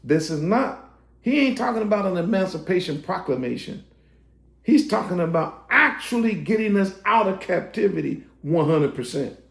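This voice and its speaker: A man preaching a sermon to online viewers, his voice going hoarse, building to emphatic, shouted preaching. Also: sits high, expressive, normal speed, echoey room. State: voice getting hoarse.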